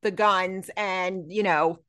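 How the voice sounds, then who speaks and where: A woman's voice: fairly low pitch, takes it slowly, clean tone. Chatty woman recapping a TV episode. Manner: chatty, lively, retells scenes with quoted lines. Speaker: podcast co-host. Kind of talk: casual chat recapping a TV episode.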